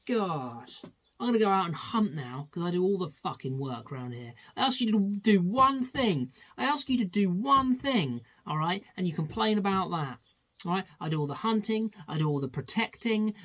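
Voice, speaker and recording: A man voicing a bitter, fed-up male tiger who rants his complaints in loud, repeated phrases. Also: high voice, pitched above the performer's own voice.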